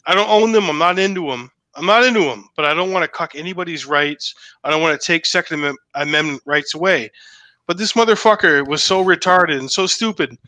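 Animated man, slightly high voice, bright and edgy, swears a lot. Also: a little fast, no echo. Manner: excited, profane, repeats himself. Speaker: guest telling a story. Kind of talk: casual podcast chat.

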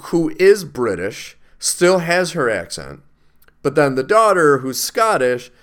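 A man's voice: on the high side, big pitch swings, a bit bright. A man co-hosting a podcast, giving opinionated takes in a casual chat about films. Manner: opinionated, quick bursts of complaint. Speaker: podcast co-host. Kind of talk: casual film review chat.

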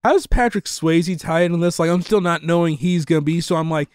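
A man's voice: on the high side, a little fast, darkish tone, smooth, dry recording, clean studio sound. A man as a podcast guest, chatting about a movie in a jokey, rambling, self-mocking way. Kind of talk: casual movie chat.

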